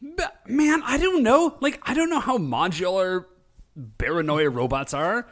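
A man co-hosting a casual chat, retelling a show with lively voiced quotes. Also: high voice. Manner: animated storytelling with quick voiced quotes. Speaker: podcast co-host recapping a show.

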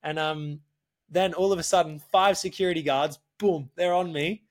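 A man telling a story in casual podcast chat, animated, swearing often and calling the listener mate. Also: on the high side, moderate pace. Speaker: podcast guest.

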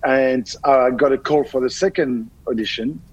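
A middle-aged man with a French accent and a husky edge to his voice, chatting as an interview guest. He tells animated stories, often repeating words as he finds them, his pitch sitting in a middle range. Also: moderate pace, highs cut off. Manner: animated storyteller, repeats words while searching. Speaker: guest chef. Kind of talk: casual interview conversation.

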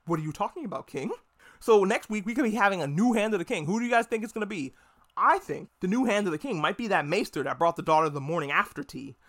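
A man hosting a podcast, recapping a TV episode in a casual, profane, joking way and acting out the characters' lines in quick voices. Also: high voice, expressive, fairly bright tone. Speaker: podcast host reviewing a TV episode. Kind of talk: casual recap with acted-out quotes.

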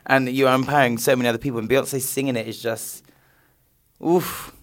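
Animated man chatting casually. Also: medium pitch, brisk. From London. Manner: animated, laughs often, slangy. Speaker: podcast host. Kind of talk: casual chat.

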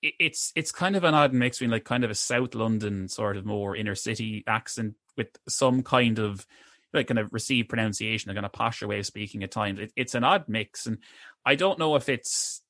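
A man's voice: fairly low pitch, a little fast, a bit bright, no echo, studio quality. A man co-hosting a film review podcast, talking casually with many hesitant restarts. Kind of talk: casual chat.

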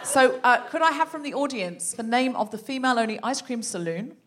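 A woman's voice: fairly high pitch, lively intonation, brisk, a crowd in the background, background noise. A woman hosting a live comedy podcast on a theatre stage, chatty and leading the story. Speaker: podcast host.

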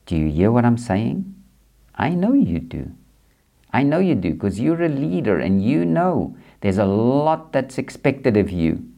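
A man with a dark, mellow tone and a gravelly edge talks to his listeners about quiet and reflection. He speaks earnestly and repeats his key points, often addressing the listener directly. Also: fairly low pitch. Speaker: podcast host. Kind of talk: reflective faith-based monologue.

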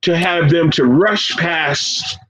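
A man being interviewed as a guest, speaking earnestly and with deep emotion, often repeating phrases and calling his listener "man.". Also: slow, fairly bright tone. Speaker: guest, professor and founder of a forgiveness organization. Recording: dull lo-fi sound with faint background noise.

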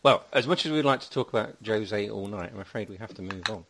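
A man's voice: lowish voice, fast talker, a bit bright. Chatty man hosting. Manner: chatty, wry, jokey asides. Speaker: podcast host. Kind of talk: casual football podcast chat.

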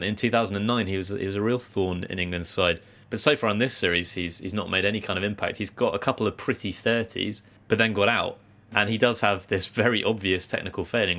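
A man with a low voice talks cricket in a measured, analytical way. He weighs each point and hedges his opinions. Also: bright, forceful tone. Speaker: cricket podcast co-host. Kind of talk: casual cricket discussion.

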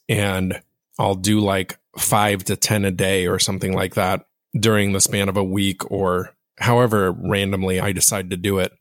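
A man with a low, fairly monotone voice hosts a casual solo podcast. He speaks straight to his listeners in a reflective, self-deprecating way. The recording is dry and close, with no room sound. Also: no echo. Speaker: podcast host.

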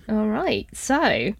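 Welsh woman host, bubbly comic chatter with a bright, bouncing voice. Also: on the high side, creaky, no echo. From Wales. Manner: bubbly, laughs often. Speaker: comedy podcast host. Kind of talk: casual comedic chat.

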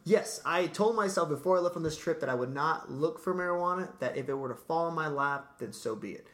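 A man's voice: fairly high pitch, expressive, a little fast. A man casually telling a long story in a podcast chat, laid-back and profane, dropping "dude" and "like" constantly.

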